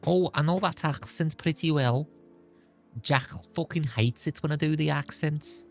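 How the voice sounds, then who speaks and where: A man's voice: a little high, unhurried, darkish tone, faint music behind, pitched above the performer's own voice. A man streaming who puts on a cheeky, swearing Scouse accent as he chats casually. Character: chatty Scouse lad, the streamer's own put-on accent. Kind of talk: casual live-stream chat in a put-on accent.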